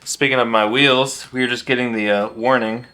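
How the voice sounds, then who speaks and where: A man's voice: medium pitch, steady tone, moderate pace, sharp tone. A young man co-hosting a vlog, chatting casually and playfully about a day out in the city and joking around. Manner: playful, jokey, does silly voices. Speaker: vlog co-host. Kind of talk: casual chat. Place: New York City.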